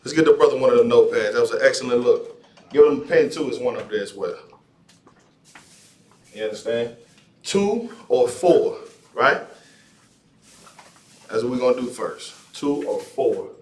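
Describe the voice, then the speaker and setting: A man leads a classroom lesson, repeating each word and stopping to ask "all right?" His voice sits at an ordinary middle pitch. It is picked up from a distance in a roomy, echoing space. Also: steady tone, normal speed, long pauses, darkish tone. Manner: repetitive, checks in with "all right?". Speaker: language class teacher. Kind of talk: classroom teaching. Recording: echoey room, far from mic.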